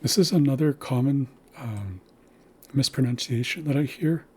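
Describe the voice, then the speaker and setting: A man's voice: medium pitch, normal speed, darkish tone, slightly rough. A man teaching a language lesson, patiently spelling out sounds and words.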